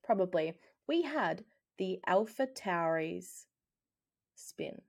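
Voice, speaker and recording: A woman's voice: on the low side, lively intonation, slow pace, vocal fry. A woman co-hosting a casual podcast chat, playful and steering the topics. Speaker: podcast co-host.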